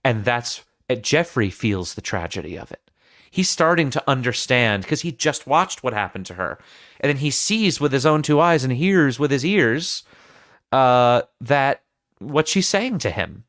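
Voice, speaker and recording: A man's voice: medium pitch, big pitch swings, unhurried, fairly bright tone, no room sound, studio quality. A man hosting a podcast, talking through a film scene in earnest, analytical casual chat, often restarting his sentences. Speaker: podcast host.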